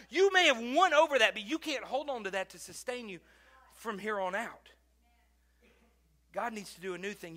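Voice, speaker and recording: High, bright-voiced male preacher. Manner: swings between loud preaching bursts and quiet asides. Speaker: pastor. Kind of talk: sermon.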